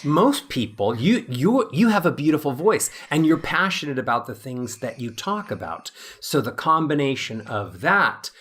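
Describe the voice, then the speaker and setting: A middle-aged man speaking as a voice coach in an interview, lively and demonstrative, acting out little voices as he explains. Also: mid-range voice, normal speed, hardly any pauses, husky. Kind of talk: animated interview talk.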